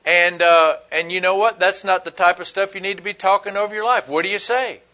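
A man's voice: high voice, steady tone, fairly quick, pushed and bright. A man preaching a sermon in a folksy, emphatic way, full of rhetorical questions. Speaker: pastor.

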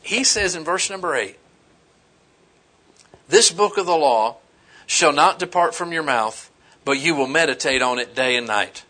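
A middle-aged male pastor preaching with a bright, slightly raised voice. He swings between scripture and homespun stories with easy humor and animated emphasis. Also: on the high side, a little slow, long pauses. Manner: animated, folksy storytelling with humor. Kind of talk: sermon.

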